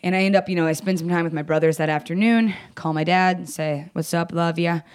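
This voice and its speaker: A young adult woman, appearing as a guest, tells a personal story in casual conversation, blunt and swearing, acting out quoted lines with jumps in pitch. Otherwise her intonation is fairly even and her pace fairly quick.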